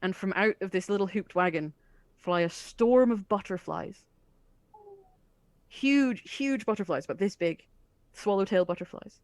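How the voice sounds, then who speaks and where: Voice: medium pitch, unhurried, no echo. A game master narrating a tabletop game with chatty description and frequent fillers.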